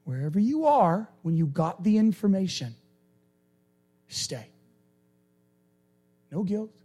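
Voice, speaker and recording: A middle-aged man preaching a sermon as a pastor, animated and acting out the people he talks about. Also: slightly rough. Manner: animated, acts out people in quick high voices.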